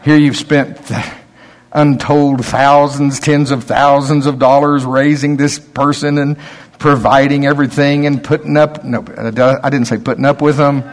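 An older man preaching a sermon, folksy storytelling, dropping to low asides and rising to loud, emphatic preaching. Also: little pitch movement, unhurried. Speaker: pastor.

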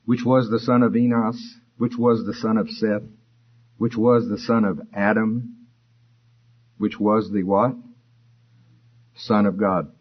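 A man preaching a sermon, explaining scripture in a conversational way and rising in pitch for emphasis. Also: flat delivery, takes it slowly, long pauses, husky, lo-fi sound. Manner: expository, conversational, rises for emphasis.

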